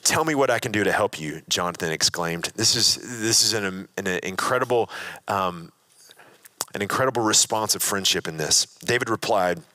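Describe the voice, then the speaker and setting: A man's voice: fairly low pitch, bright, forceful tone, dry recording. A man teaching a sermon in a conversational way, retelling and reading a scripture passage aloud with frequent restarts.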